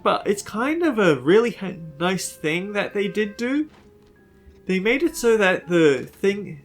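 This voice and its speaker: A man with a fairly high voice gives casual commentary over his gameplay, musing and hesitating as he talks. Faint game music runs beneath his voice. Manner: chatty, musing, with frequent hesitations. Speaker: let's play host.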